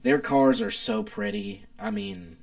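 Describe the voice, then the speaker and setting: A young man chatting casually on a live stream with an animated, rambling delivery. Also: measured pace, gravelly. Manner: animated, rambling car enthusiast, wide pitch swings.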